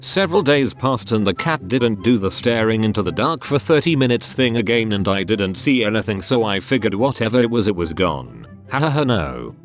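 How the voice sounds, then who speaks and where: A man narrating a channel of online stories, reading out posts and replies one after another. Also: fairly low pitch. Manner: reads titles, answers and comments one after another in a steady narrating voice. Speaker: narrator of a Reddit story channel.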